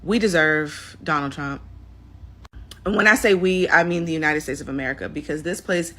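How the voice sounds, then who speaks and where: A woman's voice: sits low, normal speed, a bit bright. A woman giving a blunt, defiant opinion. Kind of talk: opinion video.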